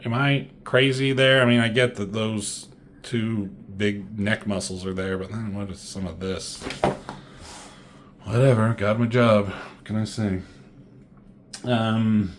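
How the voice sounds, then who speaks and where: A man's voice: mid-range voice, a little hiss or hum. A man recapping a comic book in a casual, sarcastic way, full of profane asides.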